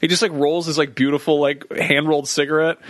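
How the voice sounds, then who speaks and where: A man co-hosting a comedy podcast, rambling through stories with swearing and sudden high-pitched quotes. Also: little pitch movement, fairly quick, fairly bright tone, no echo. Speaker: podcast co-host. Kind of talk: casual comedic chat.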